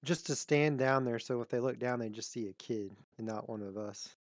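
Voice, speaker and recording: Excitable man playing a tabletop game. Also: medium pitch, moderate pace, dry recording. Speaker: player. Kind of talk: casual tabletop play.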